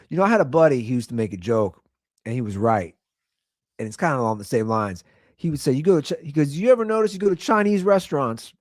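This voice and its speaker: Animated ranting male podcast host. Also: mid-range voice, no echo, clean studio sound. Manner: animated ranting with rhetorical questions. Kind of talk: solo ranting talk show.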